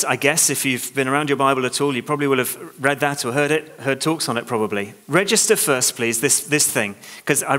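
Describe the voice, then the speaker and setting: Bright-voiced preacher in a reverberant church. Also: male voice, on the high side. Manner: animated, exhorting, reads scripture aloud. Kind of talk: sermon. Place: large church hall. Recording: long church hall reverb.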